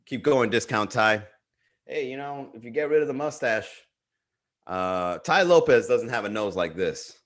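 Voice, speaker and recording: Man host, casual profane ranting on a home livestream, mid-pitched voice. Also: measured pace. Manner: animated, profane ranting, reads chat aloud.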